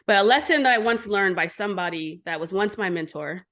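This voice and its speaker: Speaking fairly quickly at medium pitch, a woman in her 40s tells her story as an entrepreneur guest in an interview. Her manner is blunt, animated, and full of swearing.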